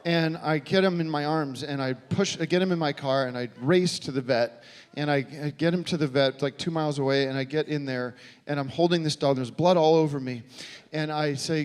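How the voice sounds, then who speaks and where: Halting deadpan American stand-up comic. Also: male voice, a little high, clear, resonant tone. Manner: halting, deadpan, full of restarts. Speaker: stand-up comedian. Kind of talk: stand-up comedy set. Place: theater stage before a live audience. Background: audience laughter.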